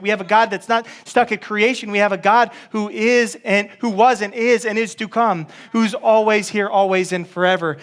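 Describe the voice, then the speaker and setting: A man's voice: high voice, fairly bright tone. A man preaching a casual, joking sermon as a pastor, with many restarts.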